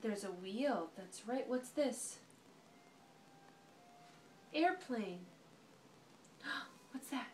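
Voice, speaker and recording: A woman reading a picture book to a toddler in a home video, speaking slowly and encouragingly, with frequent excited gasps, at home. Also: on the high side, a little hiss or hum. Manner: slow, sing-song and encouraging, with frequent gasps.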